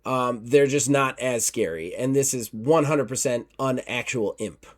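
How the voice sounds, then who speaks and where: A man acts as game master for a tabletop horror game, narrating in a loose, rambling manner packed with fillers. His voice is mid-range and his pace unhurried.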